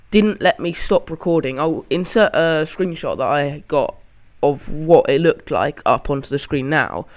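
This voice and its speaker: A man with a slightly higher-than-usual voice hosts his own gaming channel. He keeps up a relaxed, chatty running commentary, describing every shot as he plays it. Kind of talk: casual game commentary.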